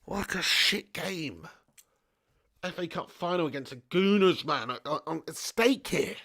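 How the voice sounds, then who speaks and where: A young man hosting a live football watch-along, excitable and swearing as he shouts at the referee. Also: a little high, a little slow. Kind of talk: live match commentary and chat.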